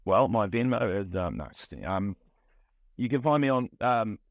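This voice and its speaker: Low-voiced New man, candid. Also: lively intonation, moderate pace, no echo, muffled recording. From New Zealand. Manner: candid, restless, heavy on fillers and restarts. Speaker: guest, music producer. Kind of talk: casual podcast conversation.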